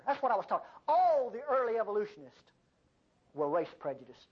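An older woman preaching a sermon, with an animated delivery and folksy asides. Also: fairly low pitch, a little fast, slightly rough. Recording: dull lo-fi sermon recording.

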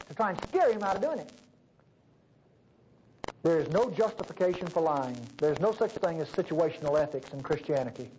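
A high-pitched man delivers a folksy, animated sermon. He swings from loud emphasis down to hushed asides. A faint hiss of noise sits under the voice. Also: normal speed, low-quality recording. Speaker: preacher.

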